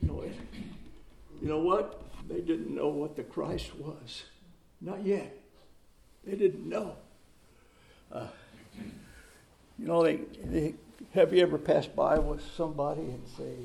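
A pastor preaching a sermon, repeating phrases for emphasis and reading scripture aloud with rising force. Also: male voice, a little high, takes it slowly, creaky, pauses often, a little mellow, a little hiss or hum. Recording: roomy echo.

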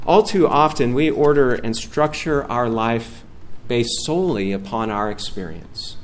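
Middle-aged man, guest preacher, earnest sermon, swells loud on scripture readings. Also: mid-range voice, animated, a little slow, a little hiss or hum.

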